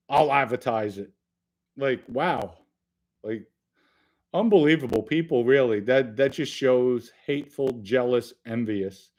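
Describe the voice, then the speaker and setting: A middle-aged man hosts a casual live stream in an even, mid-range voice, chatting loosely with his viewers. He jokes around and breaks out in sudden loud bursts now and then. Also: mid-range voice. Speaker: podcast host reading live chat.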